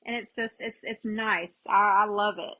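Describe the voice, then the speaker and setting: A woman's voice: medium pitch, steady tone, unhurried, bright, forceful tone, poor audio. A chatty woman, hosting a casual live crafting demo and greeting viewers by name as she works. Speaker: craft livestream host.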